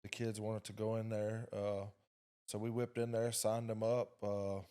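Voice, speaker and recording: A middle-aged man speaking as a podcast guest, with a lower voice. He tells his story in a relaxed, easygoing way, dropping "uh" fillers between thoughts. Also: unhurried, smooth. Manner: laid-back storytelling with frequent "uh" fillers. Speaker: guest, boxer's father. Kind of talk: casual interview.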